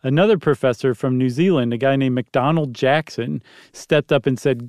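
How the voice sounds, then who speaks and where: Guy cohosting a chatty podcast, smooth clear voice, dry close sound. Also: medium pitch, normal speed, darkish tone, dry recording. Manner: chatty, explains history with acted quotes. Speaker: podcast co-host. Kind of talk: casual chat.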